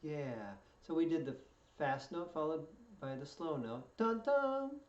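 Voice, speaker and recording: A man's voice: on the high side, measured pace. A man teaching fiddle step by step, patiently explaining notes and counting in before each play-through. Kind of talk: step-by-step music lesson. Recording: echoey room, distant mic, dull sound. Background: fiddle playing.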